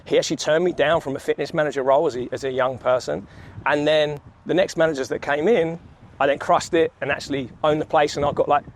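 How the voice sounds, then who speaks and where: Man, 30s, slightly high voice, easygoing walk-and-talk vlogger, swears a lot, city street. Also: steady tone, quick pace. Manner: laid-back, swears freely, laughs often. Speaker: vlogger, sales coach. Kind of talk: casual walk-and-talk storytelling.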